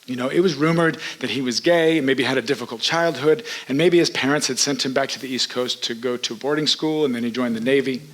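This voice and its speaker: A man telling a true story on a theater stage, in an animated, conversational way. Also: mid-range voice, brisk, hardly any pauses, low-quality recording. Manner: animated, conversational, quotes people in his story. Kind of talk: first-person stage storytelling.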